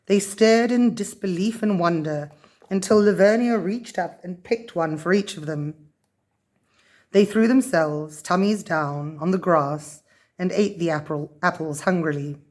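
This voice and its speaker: A woman reading a children's story aloud in a gentle, even storybook manner. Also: fairly low pitch, a little slow.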